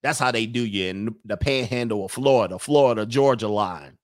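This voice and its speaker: A man's voice: lowish voice, brisk. A man hosting a stream, ranting in a loose, joking, rambling way. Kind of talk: casual commentary rant.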